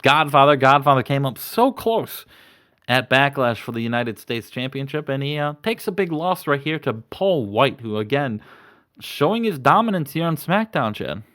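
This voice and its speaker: A man's voice: mid-range voice, expressive, moderate pace, a bit bright. A young man hosting, casually recapping a wrestling booking game in a rambling, profane way. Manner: rambling, profane, retells storylines. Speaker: host.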